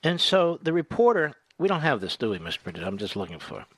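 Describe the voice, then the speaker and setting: A man's voice: a little high, sing-song, fast, a bit bright, no room sound. A middle-aged man hosting a political talk radio show, delivering a mocking, sarcastic monologue.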